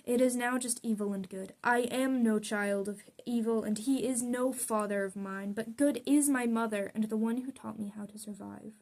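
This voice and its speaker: A woman's voice: a little high, steady tone, moderate pace, hardly any pauses, darkish tone. A young adult woman reading her own poems aloud in an earnest, confessional way. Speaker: poet.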